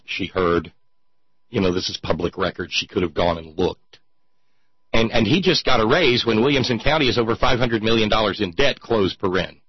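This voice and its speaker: A man's voice: sits low, moderate pace, slightly rough, no room sound. A man hosting a talk show, delivering sarcastic political commentary and reading quotes aloud in a mocking raised voice. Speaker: podcast host. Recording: dull lo-fi sound, dry.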